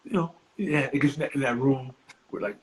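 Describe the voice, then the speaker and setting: Animated, profane male storyteller. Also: mid-range voice, brisk, a crowd in the background, rough recording. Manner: animated, profane, acts out voices. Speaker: guest comedian. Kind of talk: casual podcast storytelling.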